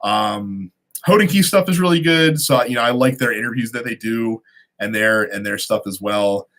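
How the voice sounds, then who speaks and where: A man hosting a relaxed live-stream Q&A, reading out viewer questions and answering them conversationally with frequent ums and restarts. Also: medium pitch, moderate pace. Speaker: host of a watch channel.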